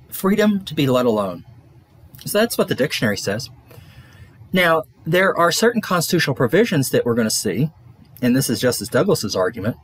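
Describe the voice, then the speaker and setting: A man's voice: a little high, husky. A man lecturing a college class, rambling with many fillers and restarts.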